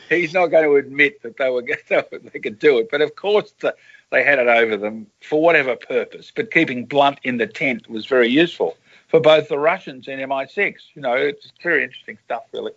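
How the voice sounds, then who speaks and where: A man's voice: medium pitch, brisk, highs cut off. An Australian man, an author and journalist, telling rambling anecdotes in a casual interview over a call.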